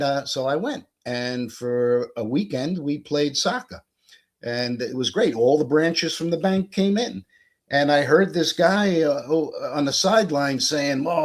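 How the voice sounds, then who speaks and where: Husky older man telling a story. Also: a little high. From United States. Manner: animated, acts out quoted dialogue. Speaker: guest. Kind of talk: casual storytelling.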